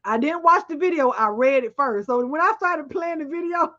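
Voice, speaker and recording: A woman co-hosting a casual news chat show, animated, laughing often and talking straight to her viewers. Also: high-pitched, moderate pace, dull audio.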